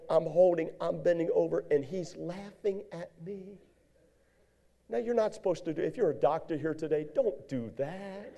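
Gravelly, dark-voiced man preaching. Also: dull audio. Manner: animated storytelling with sudden high-pitched outbursts. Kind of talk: storytelling sermon.

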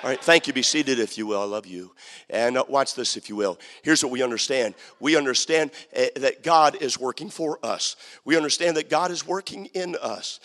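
A man preaching a sermon as pastor, swinging from quiet talk to shouted preaching. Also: mid-range voice, moderate pace, in a large hall. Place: church sanctuary.

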